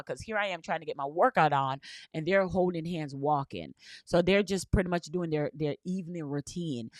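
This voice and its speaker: In a dry recording, a woman whose voice sits on the low side gives a sincere motivational talk as a business coach. She circles back through her stories, says "right?" again and again, and leans on spiritual and faith language.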